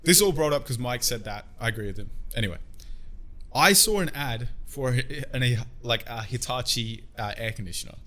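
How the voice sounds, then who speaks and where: A man's voice: mid-range voice, expressive, fairly quick, pushed and bright. A young man co-hosting a podcast, bantering crudely, joking, swearing and laughing often. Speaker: podcast co-host.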